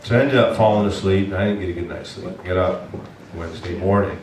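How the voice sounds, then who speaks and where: Low-voiced pastor telling a story in an echoey church. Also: male voice, fast. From Maine. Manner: animated storyteller, bursts into loud exasperated shouts when quoting himself. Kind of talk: storytelling sermon. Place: church sanctuary. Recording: echoey church hall, from a distance, faint noise.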